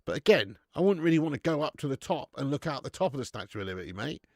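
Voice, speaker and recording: A man hosting a live football watch-along, chatting in a sweary, jokey way and breaking into excited commentary. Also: medium pitch, fast talker, dry recording, studio quality. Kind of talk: live match commentary and chat.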